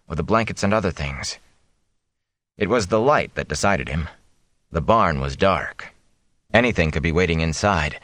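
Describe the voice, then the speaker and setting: A man narrates a novel aloud in a steady, measured way. His voice is very deep, and the recording is dry and close. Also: no echo. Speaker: audiobook reader. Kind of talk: audiobook narration.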